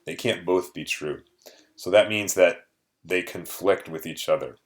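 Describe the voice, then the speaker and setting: A man's voice: sits low, measured pace. A man teaching a vocabulary lesson to his students, explaining patiently with frequent fillers.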